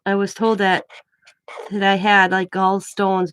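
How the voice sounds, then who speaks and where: A chatty woman in her forties tells a story to her viewers and acts out every line of dialogue. Her voice sits at an ordinary pitch, and the room sounds dry, with almost no echo. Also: a little slow, clean tone. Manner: chatty, animated retelling with quoted dialogue. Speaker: craft vlogger. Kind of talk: casual storytelling.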